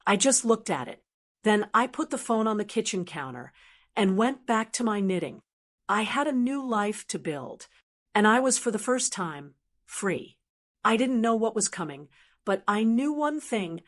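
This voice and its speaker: An older woman in her sixties narrates her own story in the first person. Her delivery is calm and measured, in a middle-pitched voice that stays steady.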